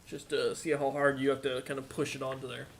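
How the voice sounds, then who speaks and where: A man narrating as dungeon master in a halting way, with many fillers. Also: medium pitch, little pitch movement, gravelly. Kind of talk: narrating a tabletop game.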